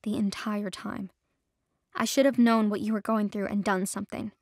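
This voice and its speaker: A woman voicing an apologetic young man who speaks softly and slowly, almost whispering. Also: medium pitch, fairly even intonation, no room sound, clean studio sound, natural voice. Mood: remorseful. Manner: hushed, apologetic, slow. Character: remorseful young man, loyal guard, soft-spoken.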